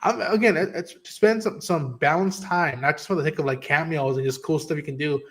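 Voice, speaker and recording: On his laid-back spoiler review stream, this host talks a little fast in a slightly high voice. His delivery is lively and profane, and he performs the quotes he mentions.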